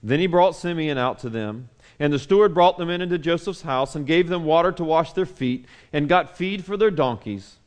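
Male pastor, mid-high voice, lively sermon delivery with soft hushed passages. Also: normal speed. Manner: animated, acts out quotes loudly then drops to soft hushed tones.

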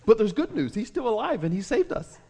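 A man preaching a conversational sermon, reading scripture and acting out the scenes with quick asides. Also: high-pitched, sing-song, a little mellow, slightly rough. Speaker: pastor.

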